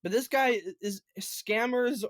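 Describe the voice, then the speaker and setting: A man in his twenties, a podcast co-host, telling a story in casual chat, animated, profane and emphatic. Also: very high voice, measured pace, no room sound, clean studio sound. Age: 20s.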